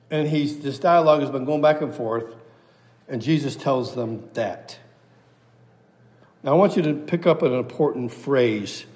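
A man with a medium-pitched, darkish voice delivers an expository sermon, reading scripture aloud and driving his points home through repetition. A long hall reverb hangs over the recording.

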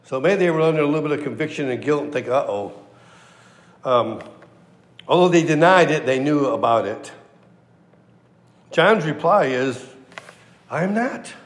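A man's voice: fairly high pitch, expressive, moderate pace, pauses often, reverberant, big-room sound. A male preacher giving a conversational, emphatic verse-by-verse sermon. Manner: conversational and emphatic, acts out quotes. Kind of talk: sermon, verse-by-verse Bible teaching.

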